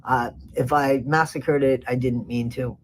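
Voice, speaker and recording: A woman co-host in a casual gossip chat, chatty and quick to add self-deprecating asides. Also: very deep voice, steady tone, a little hiss or hum, poor audio.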